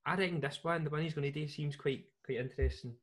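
A man in casual chat, relaxed and chiming in with short replies. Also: a little high, fast, a crowd in the background.

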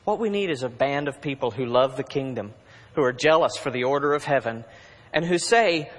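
A pastor delivers a sermon in a conversational style, swinging between urgent bursts and hushed asides. His medium-pitched voice is animated and fairly quick. The large hall gives it a long reverb.

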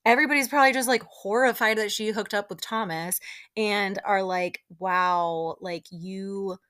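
A young woman hosting a podcast, recapping a show in animated, gossipy casual chat full of fillers. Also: mid-range voice, a little fast.

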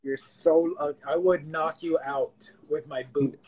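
A man's voice: on the high side, fairly even intonation, measured pace, a little mellow, rough recording. A man joining a podcast as co-host and trading crude, teasing banter with the host. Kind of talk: casual trash talk.

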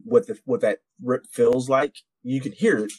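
A man spins a long army story on a podcast, swearing a lot and restarting his sentences often. His voice sits at a mid pitch. The sound is dry and close on the mic. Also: moderate pace, a little mellow, husky, dry recording. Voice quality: rambling, profane, many restarts. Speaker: podcast co-host, military veteran. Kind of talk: casual storytelling.

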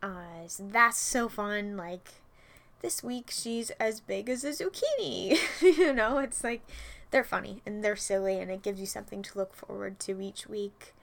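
A young woman hosting a casual solo chat, slightly out of breath, talking in a loose, chatty way with soft breathy asides. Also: mid-range voice, measured pace. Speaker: podcast host.

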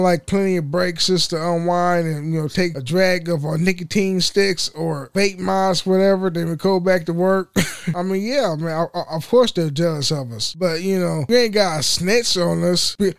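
A man's voice: sits high, smooth, no room sound, studio quality. A man podcasting alone, venting in a rambling, profane way with many restarts. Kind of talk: casual venting monologue.

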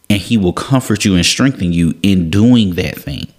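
Young guy w/ deep low voice, breaking down a bible verse, repeats himself a lot. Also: normal speed, hardly any pauses. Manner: earnest, repeats words, restarts phrases. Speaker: devotional podcast host. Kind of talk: casual Bible teaching.

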